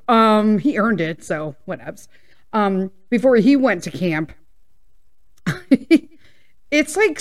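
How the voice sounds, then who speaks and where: A woman, hosting a casual personal podcast chat, rambling and laughing and sometimes getting loud. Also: mid-range voice. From Midwest US. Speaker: podcast host.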